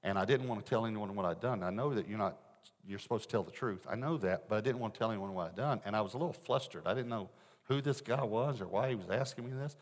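A man preaching a sermon, telling a personal story and swinging between loud emphasis and hushed asides. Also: fairly low pitch, fast. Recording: echoey hall.

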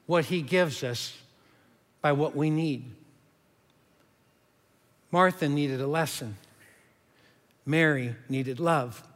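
Earnest male preacher with a high voice, recorded with long reverb. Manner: earnest preaching, drops to a hush for emphasis. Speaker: pastor. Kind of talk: sermon.

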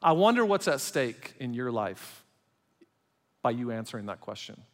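A man preaching a sermon as pastor, swinging between loud emphatic passages and quiet, intimate ones. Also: mid-range voice, big pitch swings, normal speed. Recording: long hall reverb.

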